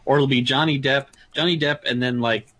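A man's voice: medium pitch, steady tone, fairly quick, fairly bright tone. A man co-hosting a radio tech show, chatting in long rambling turns. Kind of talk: casual banter.

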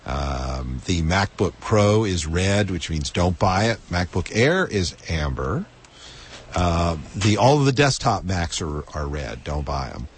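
A man's voice: deep voice, very animated, takes it slowly, slight background noise. A man co-hosting a radio tech show, giving listeners offhand buying advice.

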